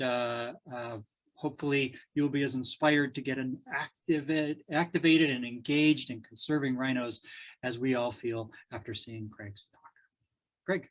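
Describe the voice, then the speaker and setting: A man hosting a conference session, introducing the next speaker with many fillers and restarts. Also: a little high. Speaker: session host. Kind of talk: event introduction.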